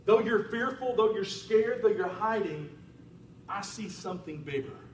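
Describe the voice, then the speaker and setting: A man voicing God as a calm, reassuring divine speaker, talking softly and slowly. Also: sits high, a little hiss or hum. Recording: roomy church sound from a distant mic.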